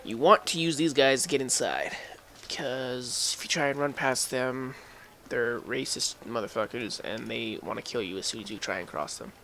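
A man with a medium-pitched voice and some vocal fry speaks at a normal speed, rambling casually as he plays a video game, chuckling and answering the game back. It's a laid-back let's-play, his voice recorded over loud game music with a little background noise.

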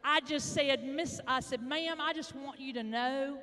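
High-voiced folksy Arkansas woman speaker. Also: pushed and bright, some chatter behind, slight background noise. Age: middle-aged. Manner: folksy storytelling, dramatic pauses. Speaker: motivational speaker. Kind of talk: lively motivational speech. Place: large indoor hall, addressing an audience. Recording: echoey large hall.

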